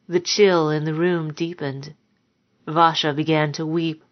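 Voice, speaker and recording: A woman narrating a dark story in a measured, somber way, on a dull lo-fi recording. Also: low voice, fairly even intonation. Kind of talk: audiobook narration.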